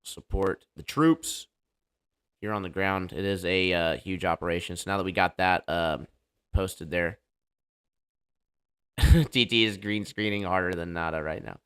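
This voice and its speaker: Man, deep voice, livestream host, joking banter, casual hype talk. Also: fairly even intonation, moderate pace, a bit bright, clean tone. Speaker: livestream debate show host.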